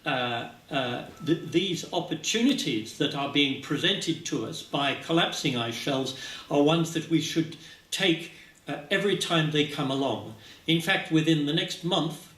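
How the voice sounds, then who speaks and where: A man giving a scientific talk at a symposium, speaking haltingly with many filler sounds, recorded from a distance in a lecture hall. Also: on the high side, a bit bright. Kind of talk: conference presentation. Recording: echoey hall, speaker far from mic.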